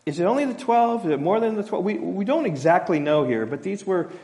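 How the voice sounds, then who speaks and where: A middle-aged male pastor preaching an expository sermon in a relaxed, conversational way, with self-deprecating asides and acted-out quotes. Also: high voice, a little fast. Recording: long hall reverb.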